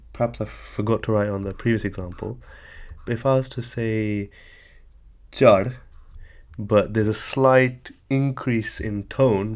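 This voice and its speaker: Writing examples on a board, a man teaches a language lesson, explaining patiently and methodically. His voice sits on the low side, and he often hedges with "sort of."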